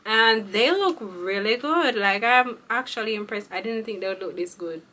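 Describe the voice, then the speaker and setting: A woman's voice: medium pitch, expressive, moderate pace, pushed and bright, a little hiss or hum. Chatty young woman vlogging. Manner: chatty and slangy, talks to viewers as friends. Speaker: beauty vlogger. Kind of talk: casual vlog chat.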